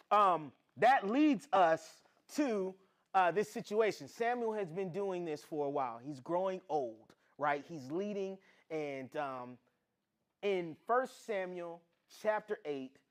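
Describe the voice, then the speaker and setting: A man teaching a casual Bible lesson, retelling the stories in slangy everyday talk and acting out the characters' lines. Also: sits high.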